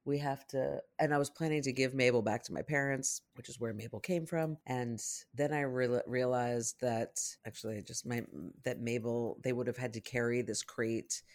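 A parent telling a rambling, animated story in casual podcast chat, often acting out what people said. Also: medium pitch, moderate pace, few pauses. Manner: rambling, animated anecdotes with acted-out quotes.

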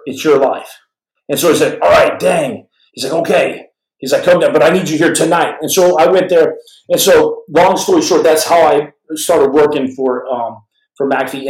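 A man telling a story casually on a podcast, wandering through his sentences and doubling back on himself. His voice sits at an ordinary middle pitch. The room around him rings with a noticeable echo. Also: a little mellow. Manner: rambling, conversational, full of restarts.

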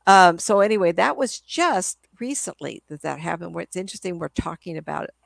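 A woman's voice: lowish voice, fairly quick, gravelly, dry recording. An older woman, a psychic medium guest, telling rambling stories in a casual interview. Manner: rambling, chatty storyteller.

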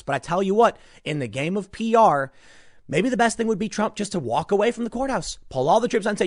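Animated sarcastic male commentator. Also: high-pitched, fast, no echo, studio quality. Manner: animated, sarcastic, mocking voices. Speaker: political commentator. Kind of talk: opinionated news commentary.

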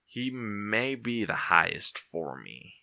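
Speaking slowly with big pitch swings, a man with a fairly low, gravelly, pushed and bright voice co-hosts a podcast. He chats casually, laid-back and rambling, with frequent laughter, in clean studio sound without room noise.

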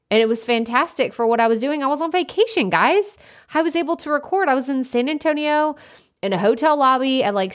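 A young adult woman hosting a solo podcast, chatty and naturally loud, speaking into a desktop USB microphone with many casual fillers. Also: mid-range voice. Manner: chatty, lots of "like" fillers, self-described loud. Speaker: podcast host.

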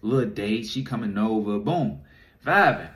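A man's voice: lowish voice, expressive, normal speed, fairly bright tone. A young man in a video submission, telling a casual story in a loose, rambling way with many fillers. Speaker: listener sending a video submission.

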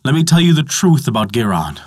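A man's voice: mid-range voice, sing-song, a little fast, slightly rough. A man voicing a giantess who speaks sharply and insistently as she warns her guest. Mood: urgent. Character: sharp-tongued giantess, wary and urgent.

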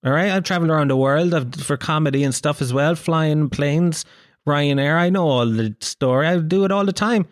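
A man in his thirties with an Irish accent, a comedian telling a story in casual chat, animated and swearing freely. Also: on the high side, moderate pace, no echo, clean studio sound. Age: 30s. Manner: animated, swearing, acts out quoted voices.

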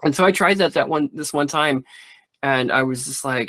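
A man's voice: medium pitch, fairly even intonation, brisk, fairly bright tone, dry recording. A man who does stand-up comedy talking in a rambling, candid way, swearing freely in a casual interview.

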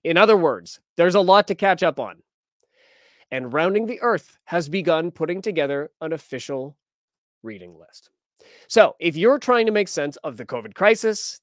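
A man's voice: on the high side, no room sound, studio quality. A man hosting a news podcast, talking casually and wryly as he reads and reacts to headlines and posts. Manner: conversational, wry, reads quotes aloud.

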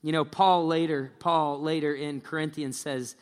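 A pastor preaching a sermon, telling a story in a lively way and acting out the people in it. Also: male voice, fairly high pitch, moderate pace, clean tone. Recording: long church-hall reverb.

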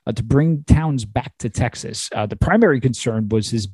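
A man's voice: medium pitch, moderate pace, mellow, husky, dry recording. A man hosting a podcast, upbeat and chatty, laughing often. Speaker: podcast host. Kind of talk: casual podcast chat.

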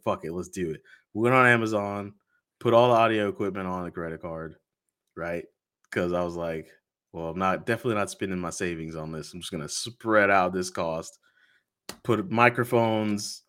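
A man's voice: low-pitched, a bit bright. A man, a podcast host being interviewed, telling a story in casual chat and acting out the quoted dialogue with laughs.

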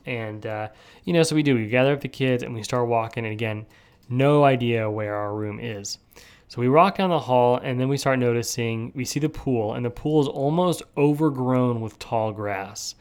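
A man's voice: mid-range voice, moderate pace, smooth. Rambling young man hosting a podcast. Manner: rambling, animated, self-interrupting. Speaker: podcast host. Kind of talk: casual solo podcast storytelling.

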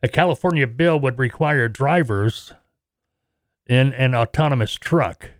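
A man's voice: mid-range voice, unhurried, no room sound, clean studio sound. Chatty middle-aged man hosting a podcast. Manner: chatty, jokey, rambling with laughs. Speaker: podcast host. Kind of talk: casual podcast monologue.

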